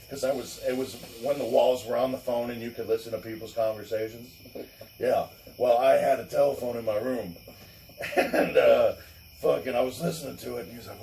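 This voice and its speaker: A man's voice: mid-range voice, normal speed, creaky, warm tone. A man telling a long story in casual chat, cursing, laughing, and acting out the voices of the people in it. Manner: swearing, laughing, acts out voices in his story. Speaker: co-host. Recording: echoey room, far from the mic, faint noise.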